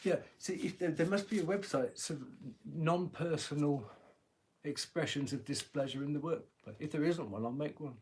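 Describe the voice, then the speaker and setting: A man's voice: on the high side, normal speed, a little mellow, slight background noise. Chatty man, joking tarot reader. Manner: chatty, joking, laughs often, swears. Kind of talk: live-stream tarot reading. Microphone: phone.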